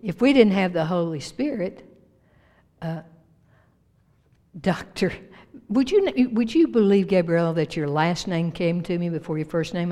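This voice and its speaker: Woman preaching emphatically in a reverberant church. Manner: emphatic preaching with big rises and drops in pitch and loudness. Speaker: pastor. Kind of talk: sermon. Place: church sanctuary. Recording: long reverb of a church hall.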